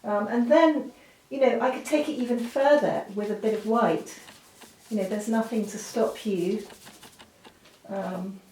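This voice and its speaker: Speaking unhurriedly in a slightly high, steady voice with a darkish tone, this woman teaches a drawing lesson. Her talk is chatty and filler-heavy, with frequent apologetic asides. The roomy recording is distant, with faint background noise.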